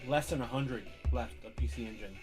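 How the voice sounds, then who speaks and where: A man co-hosting a casual livestream who chimes in with short, halting remarks. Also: mid-range voice, music in the background. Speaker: co-host.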